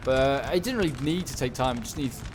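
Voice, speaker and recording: A man giving casual, rambling commentary on a strategy game battle, excitable and talking back to the units on screen. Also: medium pitch, fast, music in the background. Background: gunfire and battle sounds.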